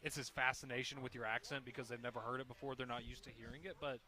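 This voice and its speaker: Quick southern guy on sports radio, bright voice, lots of "like". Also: medium pitch, steady tone. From Southern United States. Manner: quick, rambling, full of "like". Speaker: radio co-host. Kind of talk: casual studio banter.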